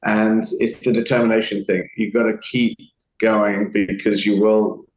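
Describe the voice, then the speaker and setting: A man's voice: on the low side, level tone, a little slow. Chatty man in an echoey room. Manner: chatty, rambling, acts out voices in quotes. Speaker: comedian guest. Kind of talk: casual interview talk.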